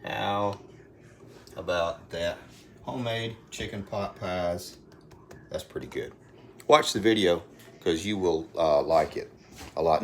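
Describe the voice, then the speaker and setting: A deep-voiced, middle-aged man with an Alabama accent speaks slowly with long pauses, hosting a casual phone live stream from his home. He rambles folksily and chats with viewers by name, with slight background noise.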